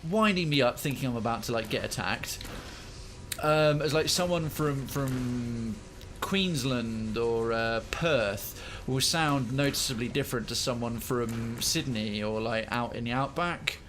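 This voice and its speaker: A man's voice: medium pitch, moderate pace, noisy background. A young British man streaming a game, chatting with his viewers in a rambling, digressive way. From United Kingdom. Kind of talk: casual gaming commentary.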